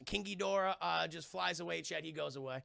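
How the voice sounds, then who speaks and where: A man giving an excitable, profane live-stream film review, talking straight to his chat and acting out scenes. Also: on the high side, fairly quick, creaky, a little hiss or hum.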